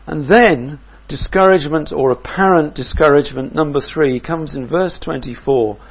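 A man preaching a sermon in a measured, reflective way, often asking his listeners questions. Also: fairly high pitch, breathy edge, muffled recording.

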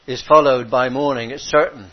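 A man preaching a sermon, halting and repeating himself, swinging from hushed to impassioned. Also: mid-range voice, fairly even intonation. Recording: dull lo-fi recording.

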